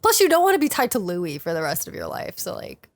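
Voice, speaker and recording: A woman's voice: medium pitch, huge pitch swings. A woman co-hosting a casual podcast chat, teasing her friend and laughing often. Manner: teasing, giggly, quick to laugh. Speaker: podcast co-host.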